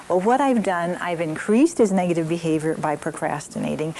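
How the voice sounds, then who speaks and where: An older woman teaching a parenting class, gently telling stories from her own family with frequent restarts. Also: on the low side, brisk, hardly any pauses, slight background noise, rough recording.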